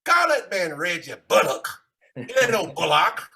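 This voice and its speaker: A podcast co-host, ranting animatedly in casual sports chat with big swings in loudness. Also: male voice, sits high, wildly swooping pitch, normal speed.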